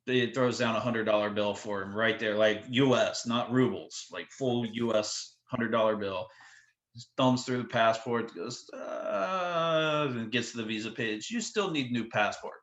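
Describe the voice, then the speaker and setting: A man's voice: lowish voice, unhurried, a bit bright, echoey room, lo-fi sound. A man who works as a touring drum tech, telling a story as a guest in casual chat, rambling with lots of "like" and quoted asides.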